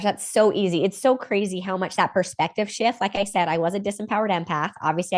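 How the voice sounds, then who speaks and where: A woman hosting a podcast, chatting casually and upbeat about spiritual topics with quick asides. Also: on the low side. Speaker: podcast host.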